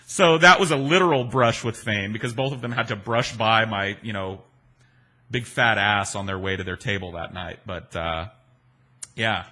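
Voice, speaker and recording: A man's voice: lowish voice, normal speed, pushed and bright. A man in his forties, a podcast host, telling stories and answering listener questions in a rambling, profane, self-deprecating way. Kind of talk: casual storytelling chat.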